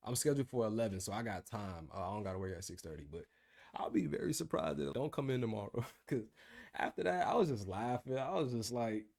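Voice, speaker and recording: A man's voice: mid-range voice, creaky, warm tone. A man in his twenties ranting about his job in a casual video diary, telling the story with slang. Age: 20s. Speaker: vlogger.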